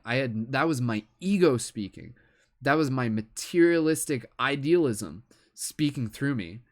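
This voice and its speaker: A man's voice: mid-range voice, animated, a little slow. A man giving a live tarot reading, talking in a reflective, earnest way and often filling with "like" and "you know". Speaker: tarot reader.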